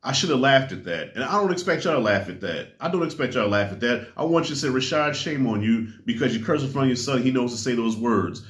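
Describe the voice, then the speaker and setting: A middle-aged man giving a casual spoken movie review, talking in an animated way and acting out the people he quotes. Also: medium pitch, quick pace, few pauses. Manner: animated, acts out quoted voices. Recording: roomy echo.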